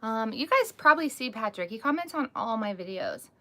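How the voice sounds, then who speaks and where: A woman's voice: on the high side, big pitch swings, a little fast, bright, forceful tone. A woman hosting a casual live stream, chatting openly and reading out viewer comments, with frequent "like" and "um" fillers. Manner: candid, talks with many "like" and "um" fillers. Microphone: phone or webcam, live stream.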